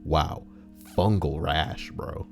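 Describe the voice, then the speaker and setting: A man live-streaming, reading out stories and donations in casual, profane banter that jumps between mumbling and loud outbursts. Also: very deep voice, slow pace, gravelly, faint music behind.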